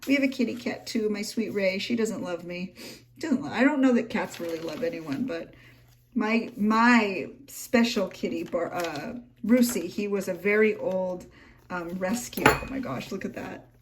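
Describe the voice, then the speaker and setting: At home, a young journaling vlogger flips casually through a handmade journal, gushing, emotional and soft-spoken. Her mid-range voice keeps a moderate pace, with a little hiss or hum on the recording.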